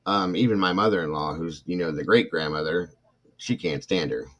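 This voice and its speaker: An older man with a very low voice hosts a casual livestream. He tells a long family story in a rambling, heated way, restarting his sentences and turning to his viewers. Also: moderate pace, a bit bright, highs cut off. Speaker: host.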